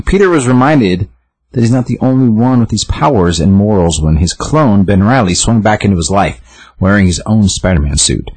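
Low, husky man casually retelling a comic. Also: darkish tone, no room sound. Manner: rambling, filler-heavy storytelling with many restarts. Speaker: podcast co-host recapping a comic book. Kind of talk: casual chat, retelling a comic with quick voiced lines.

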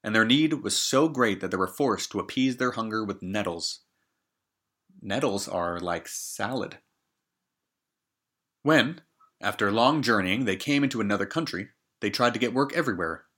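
A man's voice: on the low side, expressive, moderate pace, fairly bright tone. A man reading a fairy tale aloud, stopping often for joking comments on the story. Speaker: storybook reader.

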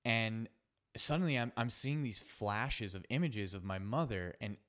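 A man hosting a solo podcast, telling a personal story in an earnest, halting way with frequent restarts and fillers. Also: on the low side, a bit bright. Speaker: podcast host.

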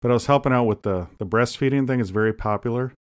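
A man co-hosting a casual comedy podcast, rambling through deadpan jokes and asides. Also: medium pitch, quick pace, clean tone. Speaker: podcast co-host.

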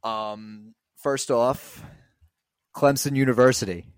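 A young man co-hosting a sports podcast in easy, casual chat. He rambles and stacks up filler words as he goes. His voice sits at a middling pitch, and the recording is dry and close. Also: fairly even intonation, takes it slowly, clear, resonant tone, no room sound. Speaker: podcast co-host.

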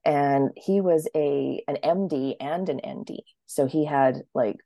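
A woman's voice: unhurried, dark tone, dry recording, clean studio sound. A woman in her thirties telling her story as an interview guest, chatty, often acting out what others said. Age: 30s. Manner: chatty, acts out quotes with sudden high-pitched voices. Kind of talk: casual storytelling.

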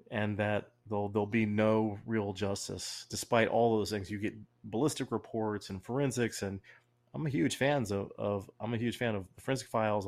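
Gravelly low-voiced podcast man. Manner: halting and repetitive, restarts words, laughs at his own jokes. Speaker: podcast co-host. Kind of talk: casual podcast chat.

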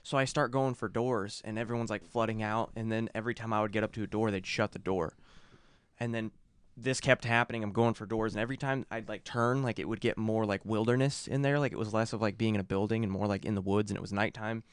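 Young man, rambling storyteller, smooth clear voice, dry close mic. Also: lowish voice, steady tone, fast, dry recording. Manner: rambling storyteller, heavy cursing and "like" fillers. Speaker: podcast co-host. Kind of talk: casual chat, telling a dream story.

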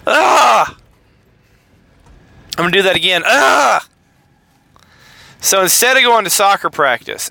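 A middle-aged man rambles through a casual podcast monologue. He jokes and pokes fun at himself as he talks. His voice is bright and sits slightly high for a man. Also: no room sound. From American South. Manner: chatty, joking, self-deprecating. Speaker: podcast host.

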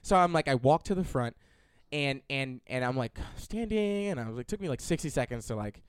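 A young man, telling a long story on a casual podcast in an animated, profane way and acting out other people's lines. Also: medium pitch, brisk, clear, resonant tone, no room sound, clean studio sound. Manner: animated, profane storyteller who acts out quotes. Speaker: podcast co-host.

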